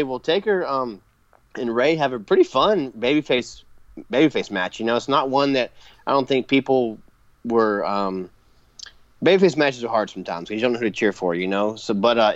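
A man's voice: mid-range voice, no room sound. A man hosting a casual podcast, rambling through a wrestling recap with lots of fillers and laughs. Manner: rambling, filler-heavy, laughs at his own bits. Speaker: podcast host. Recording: dull dry lo-fi podcast mic.

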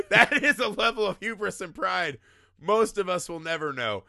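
A man's voice: sits high, expressive, normal speed, gravelly, bright, forceful tone, no echo, studio quality. A man co-hosting a casual film discussion, irreverent and profane, laughing often. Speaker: podcast co-host.

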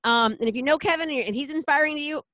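A woman's voice: high voice, a bit bright, dry recording. A woman leading a real estate team, talking casually and enthusiastically in a promotional chat with a colleague. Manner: enthusiastic, rapid, salesy, repeats herself.

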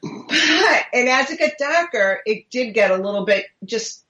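A woman's voice: on the high side, animated, measured pace, bright, forceful tone. A middle-aged woman, co-hosting a casual podcast and telling stories with easy laughs. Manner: chatty storyteller, laughs easily. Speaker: co-host. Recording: roomy echoey room.

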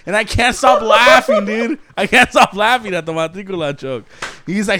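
A man's voice: sits high, moderate pace, sharp tone. A young man from California co-hosting a casual podcast, telling a story full of swearing and laughter. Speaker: podcast co-host.

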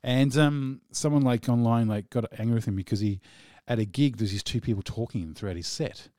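A man's voice: medium pitch, brisk, mellow, no room sound. Guy co-hosting a music show, rambly, lots of you know and like, dry close mic. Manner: rambling, full of "you know" and "like", laughs often. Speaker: radio show co-host. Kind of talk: casual chat between songs.

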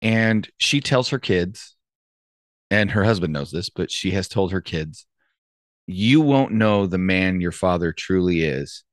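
A man in casual chat, reflective and measured, speaking from his own experience. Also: low voice, no room sound, studio quality.

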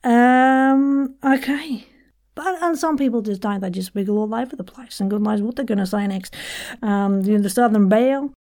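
A woman's voice: a little high, normal speed, a little mellow. Chatty woman giving a lesson. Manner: chatty and playful, self-deprecating with frequent laughs. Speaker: voice and accent coach, podcast host. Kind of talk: casual podcast accent lesson.

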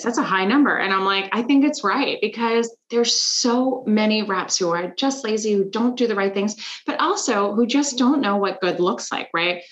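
A woman guest on a podcast, telling animated, emphatic stories about sales with exasperated asides. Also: mid-range voice, rough recording. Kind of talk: casual interview chat.

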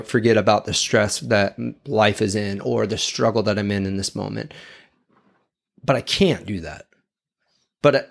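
Earnest gravelly man giving a sermon. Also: medium pitch. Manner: earnest, confessional, reflective. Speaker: speaker giving a devotional talk. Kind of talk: sermon-style talk.

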